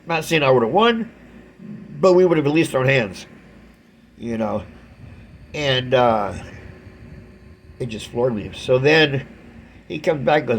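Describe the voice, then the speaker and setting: A middle-aged man vlogging, retelling a story in a rambling, animated way and acting out the other people's lines. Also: medium pitch, measured pace, long pauses, slight background noise. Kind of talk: casual storytelling to camera.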